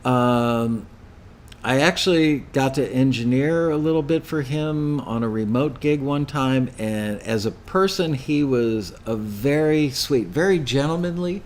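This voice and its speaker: A man's voice: medium pitch, slight background noise. An older man hosting a live question-and-answer show, answering chat questions with rambling, anecdotal stories. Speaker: host.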